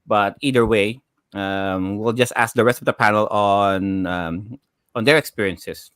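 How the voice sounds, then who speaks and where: Low-voiced hesitant male host, dry sound. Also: steady tone, a little slow, fairly bright tone, smooth, dry recording. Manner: hesitant, many filler sounds. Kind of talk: casual panel chat.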